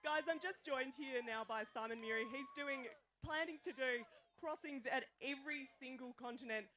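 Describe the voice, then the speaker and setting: An enthusiastic woman reporting from the finish area of a swim event, encouraging the crowd to cheer. Her voice sits a little high. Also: moderate pace, sharp tone. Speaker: roving reporter. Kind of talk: live event interviewing.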